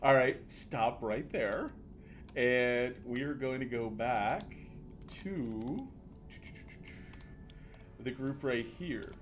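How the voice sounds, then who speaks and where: A man narrating as dungeon master in a casual tabletop game, halting with fillers and often laughing. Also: mid-range voice, slight background noise.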